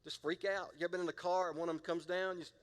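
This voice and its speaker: Playful pastor preaching. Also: male voice, high-pitched, flat delivery, very fast, long reverb tail. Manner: playful, conversational preaching with audience call-and-response. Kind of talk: sermon.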